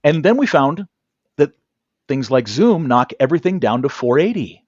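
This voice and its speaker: A man tells stories from his training work with lively energy, slipping into the voices of clients and colleagues as he quotes them. His voice sits at a middle pitch and sounds dry and a little dull, as if it comes through a video call. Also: normal speed, dry recording. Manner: animated, acts out quoted dialogue. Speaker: negotiation trainer. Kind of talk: interview storytelling. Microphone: video call camera.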